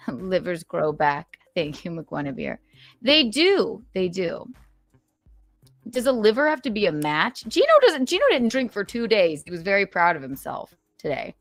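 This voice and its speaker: A woman's voice: fairly low pitch, lively intonation, normal speed, no echo, faint music behind. A woman hosting a casual livestream, chatting and playfully reading out viewer donations. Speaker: livestream host.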